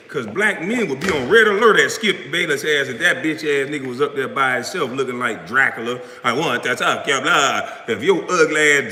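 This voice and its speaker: A man's voice: medium pitch, pushed and bright. Male streamer, angry profane rant, recorded in a roomy space with long reverb. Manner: profane, confrontational, trash-talking. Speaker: live-stream host. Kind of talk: heated live-stream rant.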